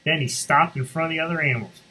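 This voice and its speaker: A man's voice: on the high side, poor audio. A man reading a picture book aloud to schoolchildren and stopping to explain things to them. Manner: expressive storybook reading, pauses to explain to students. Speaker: school reader on morning announcements.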